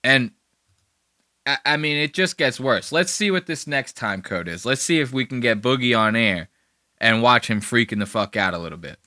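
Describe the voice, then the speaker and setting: Bright, dry-sounding profane podcast man. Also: mid-range voice, animated, moderate pace, no echo. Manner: rambling and profane. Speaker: podcast host. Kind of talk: casual reaction commentary.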